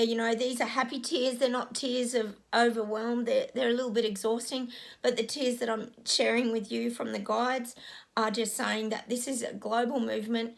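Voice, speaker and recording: A woman, a psychic, giving an earnest, emotional spiritual message in a vlog, halting and repeating her phrases. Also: on the high side, vocal fry.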